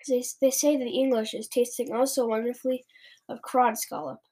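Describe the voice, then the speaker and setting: A woman's voice: a little high, little pitch movement, fairly quick, close to an everyday voice. A woman voicing a big, kindly male giant who mangles his words, in a storybook read-aloud. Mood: earnest. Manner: mangles words, gentle and earnest.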